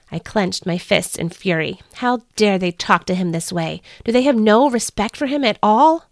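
A woman's voice: medium pitch, normal speed, hardly any pauses, no echo, studio quality. Earnest woman reading a devotional story. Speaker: podcast host reading her devotional book. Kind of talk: scripted first-person story narration.

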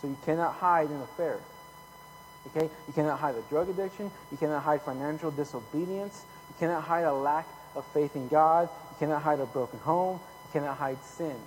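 A man preaching a casual sermon, folksy and chatty, tagging lines with "okay?" and getting louder when he reads scripture. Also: a little high, a little fast, a little hiss or hum, poor audio. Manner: folksy, repeats "okay?" often, rises loud when reading scripture. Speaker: pastor.

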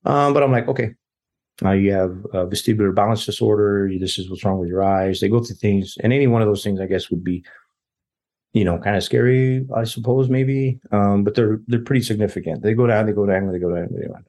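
Brisk and mellow, with a voice on the low side, this male interview guest rambles casually through a personal story. He frequently slips into quoting what others said.

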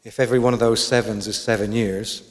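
A man's voice: fairly low pitch, steady tone, fast talker. A man preaching a sermon, thoughtful, asking his listeners many questions. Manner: reflective, asks the congregation questions. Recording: long hall reverb.

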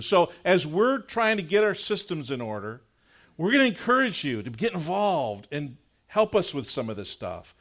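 A middle-aged male pastor preaching a sermon, telling a personal story in an animated, conversational way before leading into prayer. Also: high voice. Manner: earnest, measured prayer closing the sermon.

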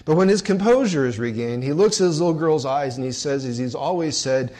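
A man preaching and telling a story in a large hall, dropping to hushed murmurs and swelling forcefully. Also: a little high, normal speed, hardly any pauses. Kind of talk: sermon storytelling.

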